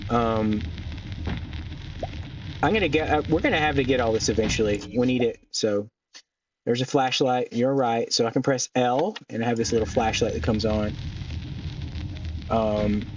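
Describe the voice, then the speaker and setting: A man casually narrating his own gameplay, thinking aloud and filling pauses with ums as he goes. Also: medium pitch, distant mic, noisy background. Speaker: gaming channel host. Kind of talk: casual let's-play commentary. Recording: dull lo-fi mic a bit off, faint music. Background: faint background music.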